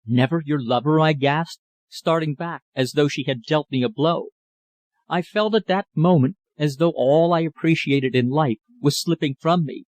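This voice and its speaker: A man narrating a classic novel in a measured, literary reading style. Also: on the high side, a little mellow, no room sound. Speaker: audiobook narrator. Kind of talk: scripted narration.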